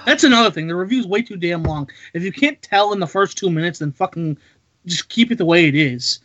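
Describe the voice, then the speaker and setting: A blunt man on a podcast panel, exasperated and swearing. His voice is a little high, recorded dull and lo-fi. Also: animated, a little fast, fairly bright tone. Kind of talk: casual chat.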